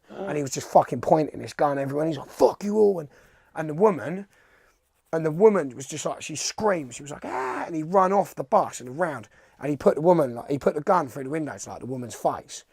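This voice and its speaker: Dry-voiced skater, swears freely. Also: male voice, a little high, fast talker, a little mellow, husky, no echo. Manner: swears freely, rambling anecdotes. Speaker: professional skateboarder. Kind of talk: casual storytelling interview.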